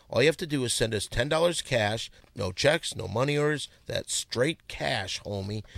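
Brash male podcast host, gravelly, dry close sound. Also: medium pitch, no room sound. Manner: brash, reads listener letters aloud mockingly. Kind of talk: comedic podcast banter.

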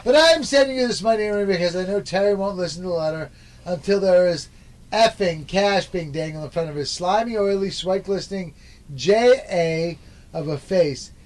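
Jokey male co-host, higher-pitched, faint noise behind. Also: moderate pace. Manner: jokey, does mock ad reads. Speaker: podcast co-host. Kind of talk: comedic podcast banter.

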